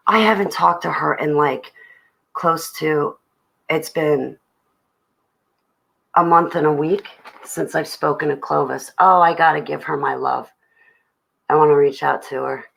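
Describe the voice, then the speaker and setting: Low gravelly woman chatting on a livestream. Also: fairly even intonation, measured pace, long pauses, a bit bright, low-quality recording. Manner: rambling, chatty, greets viewers in chat. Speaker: livestream host. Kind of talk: casual livestream chat.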